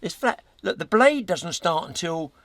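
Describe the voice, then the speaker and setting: An older man, the host's father, chatting casually in a quick, encouraging way. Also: high-pitched, very animated, crowd noise. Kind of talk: casual chat.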